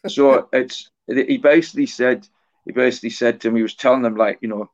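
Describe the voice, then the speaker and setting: A middle-aged man and author, a guest on a podcast interview, telling stories in a halting, anecdotal way. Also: mid-range voice, fairly even intonation. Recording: dull lo-fi podcast audio.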